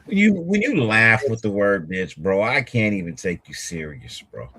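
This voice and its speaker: A man's voice: medium pitch, huge pitch swings, fairly quick, hardly any pauses, a bit bright, husky, no room sound. A man co-hosting a podcast, talking in a blunt, emphatic and mocking way. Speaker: podcast co-host. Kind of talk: casual podcast chat.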